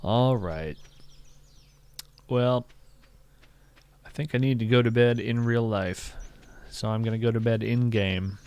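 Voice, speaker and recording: A man's voice: medium pitch, takes it slowly, long pauses, darkish tone, clean tone. A man chatting casually while streaming a farming game. He muses aloud with dry humor.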